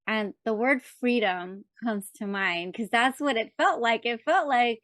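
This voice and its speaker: A middle-aged woman podcast host interviewing her co-host in casual chat, affirming and warm, circling back on her words as she thinks. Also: fairly high pitch, a little slow, no room sound, clean studio sound.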